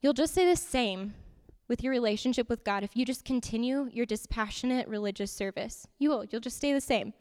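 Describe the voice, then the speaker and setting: A woman giving an interactive youth sermon in a church hall, lively and repeating her points to keep the group's attention. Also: fairly high pitch, brisk, clear, resonant tone. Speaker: youth teacher. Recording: long hall reverb.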